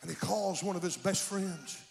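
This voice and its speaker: Gravelly high-voiced preacher man. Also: steady tone, normal speed, big-room sound, a little hiss or hum. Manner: swings from hushed storytelling to shouted exclamations. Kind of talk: sermon storytelling.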